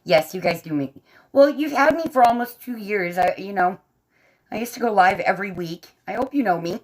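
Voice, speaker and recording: Her mid-range voice is expressive and a little fast, carrying a faint Southern American accent. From her bedroom, propped up in bed, she colors on a livestream, laughs a lot, and answers her chat casually.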